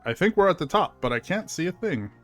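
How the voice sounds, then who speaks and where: A gaming streamer with a high-pitched, very animated voice talks at a quick pace over faint music. His let's-play commentary is casual and full of fillers, and he reads the game's text aloud.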